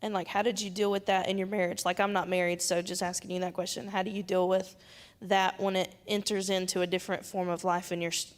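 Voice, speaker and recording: A young woman, a youth pastor talking in a church round-table discussion and telling stories with lively acted-out quotes. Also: lowish voice. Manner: animated storyteller, acts out quoted speech.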